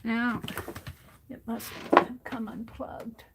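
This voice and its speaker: Slow, thinking-aloud woman crafting at her desk. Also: a little high, level tone, heavy background noise. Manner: talks to herself while working, thinking aloud. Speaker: crafting streamer. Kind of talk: casual crafting commentary.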